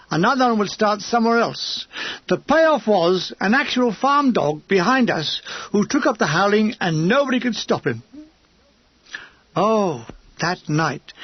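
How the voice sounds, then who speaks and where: A man's voice: high voice, dry recording, dull audio. A man narrating an audiobook memoir with dry, comic storytelling.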